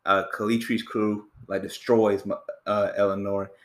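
A man's voice: on the low side, flat delivery, measured pace, reverberant. A man hosting a podcast, chatting casually about a movie and acting out scenes with quoted voices. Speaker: podcast host.

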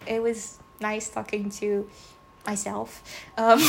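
A woman's voice: medium pitch, monotone, slow pace, vocal fry, a little hiss or hum. A woman hosting a casual solo podcast, speaking English as a second language, chatty and rambling with frequent giggles. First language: not English. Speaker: podcast host.

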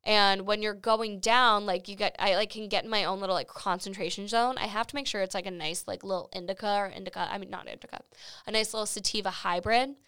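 A woman's voice: medium pitch, steady tone, fast, pushed and bright, clean tone, no echo. A young woman hosting a podcast, chatting casually with giggles and swearing. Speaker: podcast host. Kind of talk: casual chat. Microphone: studio microphone.

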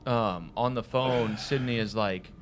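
A young man co-hosting a relaxed movie review chat, speaking conversationally. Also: fairly low pitch, a little slow, a little hiss or hum. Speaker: podcast co-host.

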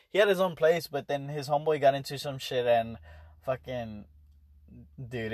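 A man's voice: mid-range voice, darkish tone, no room sound, clean studio sound. A young adult man telling a story in a rambling, casual way, swearing often and restarting his sentences. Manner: profane, rambling, full of fillers and restarts. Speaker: vlogger.

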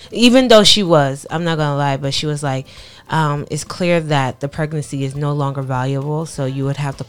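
A young woman with a low, smooth voice tells her own story slowly. She halts and pauses often, tender and emotionally raw. Faint music plays behind her. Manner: halting, soft-spoken, many pauses and fillers. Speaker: podcast co-host. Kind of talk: personal storytelling.

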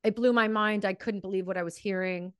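A woman's smooth, medium-pitched voice moves a little fast with fairly even intonation, over clean studio sound and no room sound. As a podcast host she gives impassioned, profanity-filled commentary before turning to her guest for an interview.

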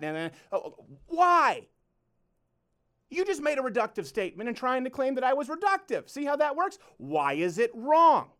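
A male host delivers a fired-up closing monologue on his own show. His voice swings widely up and down as he presses each point. He keeps circling back to the same rhetorical questions. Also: high voice. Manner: emphatic, repeats rhetorical questions.

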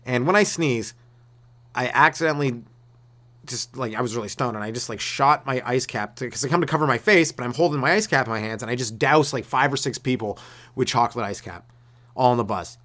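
A man's voice: medium pitch, a little fast, a bit bright. Laid-back rambling comedian man. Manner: laid-back and meandering, with restarts and acted-out voices. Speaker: stand-up comedian hosting a solo podcast.

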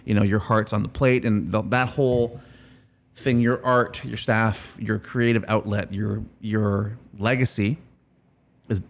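A man's voice: fairly low pitch, fairly even intonation, a little slow. A man hosting a casual podcast interview, asking questions in a playful, joking way. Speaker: podcast host.

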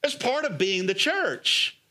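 A middle-aged man, a pastor, preaching a sermon in an energetic, coaxing way, full of rhetorical questions and calls of "come on.". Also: high voice, slow.

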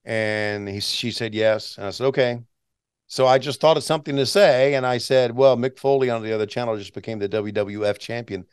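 A man's voice: medium pitch, brisk, clean tone, no echo, clean studio sound. A man in his sixties, a veteran announcer, chatting as a guest and telling stories with restarts and chuckles. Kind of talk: casual interview storytelling.

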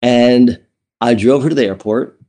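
A man's voice: medium pitch, normal speed, a little mellow. A man recounting a personal story in a conversational interview, chatty and candid, with fillers, restarts and frequent laughs. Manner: laughs often while telling. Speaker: interview guest.

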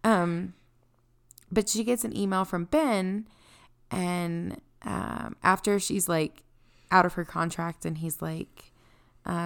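A woman's voice: lowish voice, fairly even intonation, slow, vocal fry, clean tone. A woman co-hosting a book podcast, recapping a novel in a chatty, casual way with frequent laughter.

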